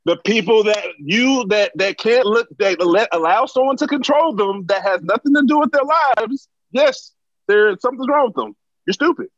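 A man with a fairly high voice argues his point in a heated casual debate. He is emphatic and trips over repeated openings. The recording is dry and dull, with no room sound. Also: animated, moderate pace, fairly bright tone, dry recording.

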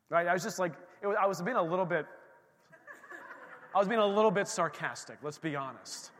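A middle-aged male pastor preaching a sermon, telling a personal story in a lively way and acting out his own quotes. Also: high voice, fairly quick, long pauses. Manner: animated storytelling with acted-out quotes. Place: church sanctuary. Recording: long hall reverb in a church.

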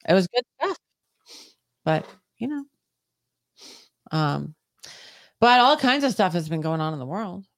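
A woman's voice: fairly low pitch, very animated, unhurried, pauses often, no echo, studio quality. An American woman co-hosting a podcast, chatty and teasing, chiming in during casual chat. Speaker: podcast co-host.

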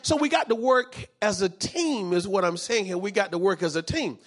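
High, husky-voiced male pastor preaching. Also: animated, moderate pace. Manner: fervent preaching, repeated phrases, frequent amens. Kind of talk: sermon.

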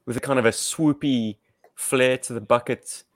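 A man's voice: mid-range voice, steady tone, moderate pace, no echo, studio quality. A man co-hosting a casual podcast chat, wry and inquisitive, often asking the others questions. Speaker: podcast co-host.

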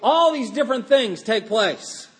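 A middle-aged man preaching a sermon in an informal, halting way, with many fillers and restarts. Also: a little high, expressive, slight background noise. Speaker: pastor.

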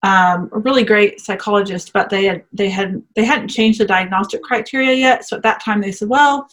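A woman's voice: medium pitch, fairly even intonation, fairly quick, fairly bright tone. Chatty woman podcast host. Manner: chatty, laughs often, many fillers. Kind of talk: casual podcast conversation.

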